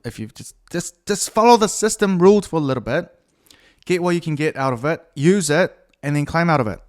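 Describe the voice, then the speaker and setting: A man's voice: a little high, expressive, fairly quick. A man hosting a solo podcast, talking in a crude, meandering, self-mocking way with many fillers and restarts. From New Zealand. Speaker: podcast host. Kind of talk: rambling solo podcast monologue.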